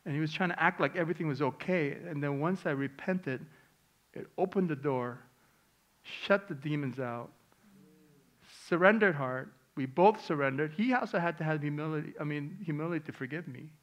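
A middle-aged male pastor preaching a sermon, telling a personal story with strong swings from hushed, quiet lines to loud, emotional ones. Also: on the high side, moderate pace.

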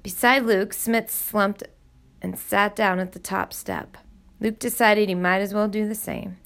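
A woman reading a novel aloud with expressive, steady audiobook narration. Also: mid-range voice, measured pace, gravelly. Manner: expressive storytelling.

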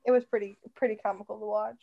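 A woman's voice: mid-range voice, steady tone, fast talker, vocal fry, highs cut off. A woman in her twenties co-hosting a podcast, playful and emphatic, swearing freely in casual chat. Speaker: podcast co-host.

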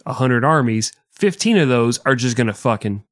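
A man co-hosts a history podcast, his medium-pitched voice animated and fairly bright at a moderate pace. He jokes crudely and swears often through the casual banter, and the recording is dry with clean studio sound.

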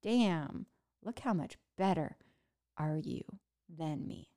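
A woman talking casually to her listeners, speaking haltingly with word-finding pauses, restarts and self-mocking laughs. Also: deep voice, expressive, dark tone. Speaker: podcast host recovering from brain injury. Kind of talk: casual personal monologue.

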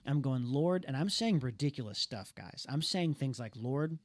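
A young man telling a personal story in a casual talk show, earnest and animated, stumbling and restarting as he goes. His voice sits at an ordinary middle pitch. The recording is dry and close. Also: normal speed, dry recording. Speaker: podcast co-host.

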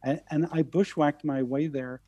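A man from the central United States, a guest telling stories in conversation, halting and often repeating his words. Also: a little high, fairly even intonation, dark tone, dull audio. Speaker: guest speaker. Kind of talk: storytelling in conversation.

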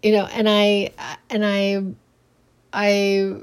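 A woman rambling casually on her own podcast late at night, sleepy and halting, restarting her sentences again and again. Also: medium pitch, monotone, clean tone. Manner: halting, many restarts and trailing fillers. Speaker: solo podcaster and small business owner. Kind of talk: casual solo podcast monologue.

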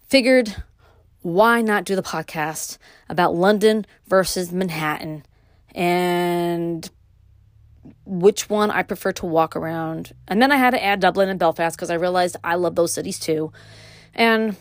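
A middle-aged woman with a Brooklyn accent hosting her own podcast, talking alone in a casual, rambling way with many pauses and restarts. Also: mid-range voice, dry recording, studio quality. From New York. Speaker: podcast host. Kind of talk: casual solo podcast monologue.

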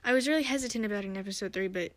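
A woman's voice: mid-range voice, very fast, no echo. A woman hosting her own podcast, recapping a TV episode in a chatty, rambling way with many fillers and restarts. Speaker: podcast host.

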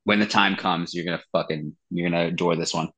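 A man with a somewhat low voice talks about his singing in a relaxed interview. He tells his stories in an animated way and swears freely. His speech is loose and conversational, full of fillers. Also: fast, breathy edge. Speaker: band vocalist. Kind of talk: casual interview chat.

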